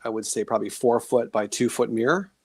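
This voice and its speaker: A man's voice: medium pitch, a little fast, breathy edge, no echo. A middle-aged man recounts his experiences in a loose, rambling way, full of restarts. He slips into the voices and gasps of the people in his story. The sound is dry and close. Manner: rambling, animated storytelling with acted-out reactions. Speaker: guest, author and paranormal experiencer. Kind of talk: casual storytelling on a podcast.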